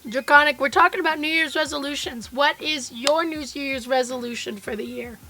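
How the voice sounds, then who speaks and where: A woman with a hoarse, froggy voice from being sick, chatting casually and cheerfully with viewers from her home basement studio. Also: sits high, moderate pace, music in the background. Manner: chatty and upbeat, greeting viewers by name. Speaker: quilt designer and live streamer. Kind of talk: casual live-stream chat.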